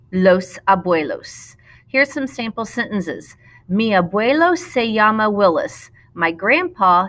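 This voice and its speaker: A middle-aged woman teaching a recorded lesson. Her voice is bright and forward, set slightly low in pitch. She explains patiently and slows down whenever she models a new word. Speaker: Spanish teacher. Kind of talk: recorded classroom lesson narration.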